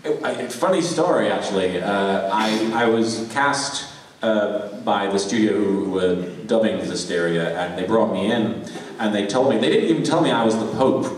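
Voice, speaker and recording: A man's voice: fairly low pitch, moderate pace. A man, a voice actor on a convention panel, telling chatty, laughing, self-deprecating anecdotes. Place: large convention hall with audience. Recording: echoey hall, far off, noisy.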